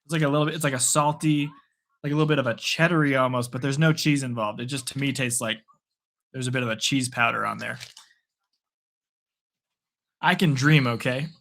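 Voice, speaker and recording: Give me a chatty male host doing live play-by-play, bright and forward in tone. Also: medium pitch, fairly even intonation, creaky. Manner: casual, chatty, quick bursts of play calling.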